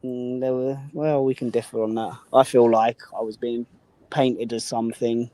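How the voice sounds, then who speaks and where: Male stream caller, middle pitch, dry sound, defensive and sweary. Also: flat delivery, moderate pace, warm tone, no echo. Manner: defensive, sweary, says mate and man. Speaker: guest caller on a livestream. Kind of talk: casual argument.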